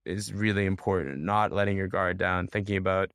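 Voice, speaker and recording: A man's voice: deep voice, steady tone, brisk, fairly bright tone, no echo, studio quality. A young man from the United States, a bridge player answering interview questions in a loose, candid way with plenty of fillers and restarts.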